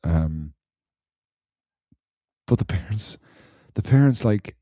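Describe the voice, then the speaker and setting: Guy on a podcast, swears a lot, fumbles his words, lowish mellow voice, dry close mic. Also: animated, takes it slowly, dry recording. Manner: swears freely, lots of fillers and restarts, laughs through stories. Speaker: podcast co-host. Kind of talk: casual chat.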